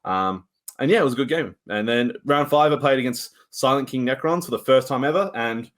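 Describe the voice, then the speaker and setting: A man co-hosts a casual podcast and rambles through his games with a mid-pitched voice. He keeps shrugging things off as he talks, in loose, chatty phrasing. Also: brisk. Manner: rambling game recap with frequent shrugging asides. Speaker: podcast co-host.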